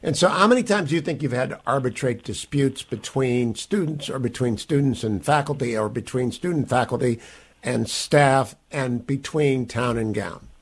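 A man hosting a radio talk show, interviewing a guest and making announcements in a brisk announcer style. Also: mid-range voice, breathy edge.

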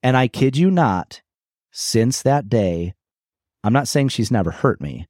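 A man's voice: mid-range voice, animated, unhurried, darkish tone, dry recording, studio quality. A middle-aged man co-hosting a podcast, telling personal stories in a reflective, candid way with frequent restarts. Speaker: podcast co-host. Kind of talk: casual conversational podcast chat.

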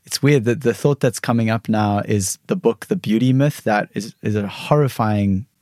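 A man's voice: fairly low pitch, moderate pace, darkish tone, dry recording, clean studio sound. A man hosting a podcast, talking reflectively about his own experiences and often restarting phrases as he searches for words. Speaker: podcast host. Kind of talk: reflective conversational storytelling.

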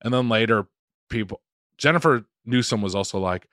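A man hosting a podcast, telling an animated story in casual chat and swearing freely. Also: lowish voice, moderate pace, no echo, studio quality. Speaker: podcast host.

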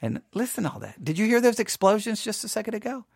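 A man hosting a Bible podcast, chatting casually and restarting his sentences, then reading scripture slowly and solemnly. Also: high voice, very animated, gravelly, darkish tone, slightly rough, dry recording, clean studio sound. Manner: chatty and self-interrupting, reads scripture in a slow solemn cadence. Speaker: podcast host and Bible teacher. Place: small home studio.

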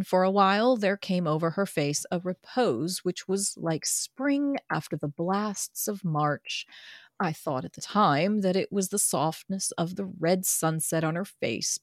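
A woman with a somewhat low voice reads a classic novel aloud at a steady pace. The recording is dry and close. Now and then she breaks into laughter. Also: no echo. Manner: steady reading with occasional laughs.

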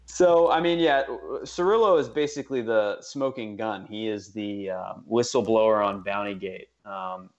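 A man's voice: fairly low pitch, moderate pace, dull audio. A man co-hosting a casual sports podcast, talking loosely with lots of fillers and restarts. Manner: loose, rambling, frequent fillers. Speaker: podcast co-host.

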